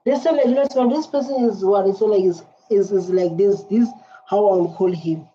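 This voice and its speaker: A South African woman giving excited, repetitive commentary as a reaction video host, halting with fillers. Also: mid-range voice, slightly rough. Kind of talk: casual commentary. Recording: dull lo-fi sound with faint ambience.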